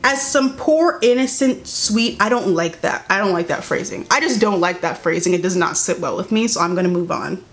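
A young woman giving sassy, incredulous commentary as she reads a statement aloud, jumping between high exclamations and low mutters. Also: animated, normal speed, hardly any pauses. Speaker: commentary YouTuber.

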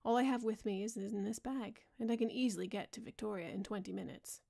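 A woman's voice: mid-range voice, fast talker, gravelly. A woman reading a grave, earnest male painter. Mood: chatty. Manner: earnest, pleading, softly spoken. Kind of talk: bedtime audiobook reading.

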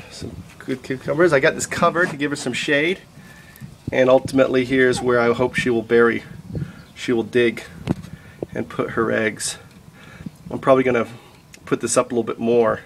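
A man's voice: mid-range voice, gravelly, noisy background. A man filming a home video outdoors who explains a pet habitat, then coaxes his toddler in a repetitive sing-song voice. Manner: plain explaining, relaxed. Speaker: father showing a pet habitat. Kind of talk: casual home video talk.

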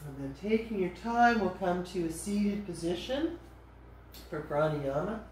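Woman yoga teacher, calm gentle cueing, slightly low voice, mic at a distance. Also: measured pace. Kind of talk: guided yoga class instruction. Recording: echoey room, voice from a distance, faint noise.

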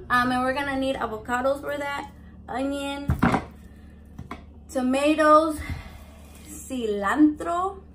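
A woman's voice: sits high, fairly bright tone. A woman filming a casual cooking vlog in her home kitchen, brash and swearing constantly, slipping into Spanish. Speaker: cooking vlogger. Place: home kitchen with family around. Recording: noisy kitchen recording.

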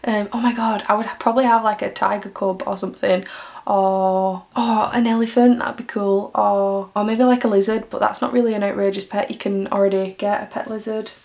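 A woman's voice: medium pitch, flat delivery, a little fast, gravelly, a little mellow. A young woman from Greater Manchester with a Mancunian accent, chatting casually and giggling as she answers fan questions in a vlog. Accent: Mancunian English. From Greater Manchester, England. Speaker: YouTuber.

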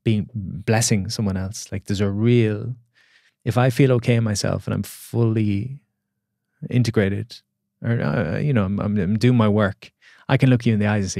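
A man shares a personal story in a relaxed podcast conversation. His voice sits on the low side and he often stops and restarts as he thinks. The sound is dry and close to the mic. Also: moderate pace, vocal fry, no room sound. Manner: reflective, storytelling, many restarts. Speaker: podcast guest, coach.

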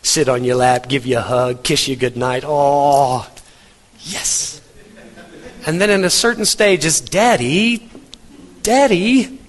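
Middle-aged pastor, earnest and emphatic sermon delivery, mid-pitched, long hall echo. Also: male voice, fairly even intonation, unhurried. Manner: earnest, emphatic preaching with repetition. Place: church hall.

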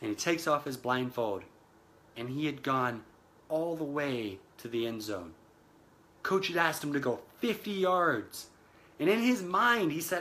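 Man, motivational speaker, slightly high voice with a bright edge, earnest, repeats phrases. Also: lively intonation, moderate pace. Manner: earnest, addresses listeners as guys, repeats phrases for emphasis. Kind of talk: motivational talk retelling a film scene.

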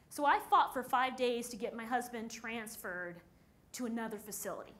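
A woman telling a personal story on a conference stage, acting out the people she quotes with lively shifts in delivery. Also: on the high side, moderate pace. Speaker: speaker at a conference.

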